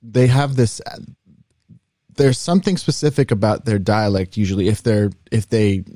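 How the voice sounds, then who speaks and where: A young man co-hosting a podcast, telling stories in a rambling, animated way. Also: on the low side, moderate pace, no echo, clean studio sound. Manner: rambling, animated storytelling with demo voices. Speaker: podcast co-host. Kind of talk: casual chat.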